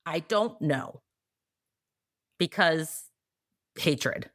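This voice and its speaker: A woman co-hosting a podcast, telling history in a casual, sarcastic, animated way. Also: deep voice, extremely slow, no room sound, clean studio sound. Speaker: podcast co-host.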